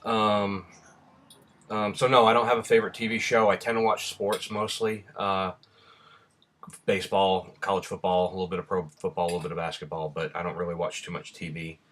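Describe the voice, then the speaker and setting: A man's voice: sits low, flat delivery, fairly quick, a bit bright. A man from Rhode Island with a slight Southern drawl chats casually and bluntly, answering questions with lots of ums. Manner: rambling and blunt, with many ums. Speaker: vlogger.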